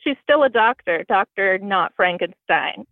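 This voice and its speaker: A woman's voice: medium pitch, expressive, a little slow, no room sound. A woman from Indiana with a Southern-sounding accent, calling in to a podcast and talking wryly about herself. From Bloomington, Indiana. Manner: wry, self-deprecating. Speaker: caller. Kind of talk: phone-in conversation. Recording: tinny phone line.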